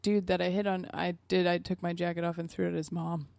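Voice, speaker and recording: A woman's voice: lowish voice, little pitch movement, fast talker, creaky, a little mellow, no echo. A young adult woman co-hosting a podcast, chatting casually and laughing often as she tells stories. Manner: giggly, chatty storytelling. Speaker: podcast co-host. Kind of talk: casual chat.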